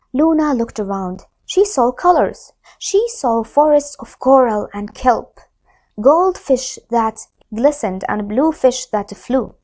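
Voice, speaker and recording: High-voiced teacher reading a story slowly. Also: female voice. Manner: slow, expressive read-aloud. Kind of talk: reading a storybook aloud to children.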